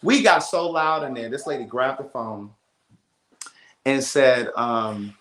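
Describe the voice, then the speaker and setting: A man's voice: mid-range voice, slow pace. Fields: emphatic man telling a story in an echoey room. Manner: animated, emphatic storytelling with frequent repetitions. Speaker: livestream host. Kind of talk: casual storytime on a livestream. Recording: roomy echo.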